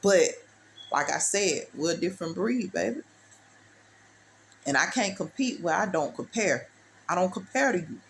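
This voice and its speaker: A woman's voice: medium pitch, slight background noise. Emphatic woman preaching a testimony. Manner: emphatic and repetitive, calls the listener baby; street-talk phrasing. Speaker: speaker sharing testimony.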